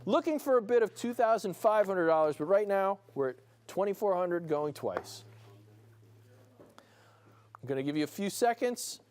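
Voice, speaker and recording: A man with a New Jersey accent calls bids on a live broadcast auction. His voice sits a little high, and his delivery is upbeat and playful. He often slips a chuckle in between the price calls. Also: lively intonation, unhurried, long pauses, a little mellow, a little hiss or hum. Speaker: auctioneer and show host. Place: studio room with a small audience.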